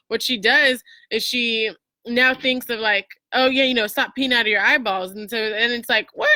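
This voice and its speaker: A woman's voice: a little high, sharp tone, dry recording. A woman hosting a casual motivational talk, chatty and full of fillers and restarts. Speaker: host.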